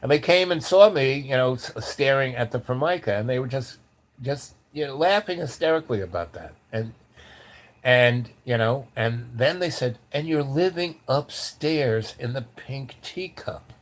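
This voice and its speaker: Older man, casual storyteller, rambling, animated quoted voices. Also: mid-range voice, normal speed. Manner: rambling with restarts.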